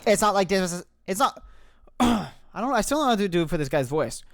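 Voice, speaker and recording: A man's voice: sits high, sing-song, fairly quick, fairly bright tone, no room sound. A man streaming a game, reading its dialogue aloud and chatting in self-mocking asides.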